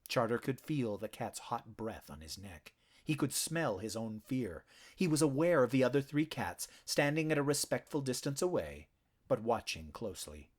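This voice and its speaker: A man narrating an animal fantasy audiobook in a measured, dramatic storytelling manner. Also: on the low side, very animated.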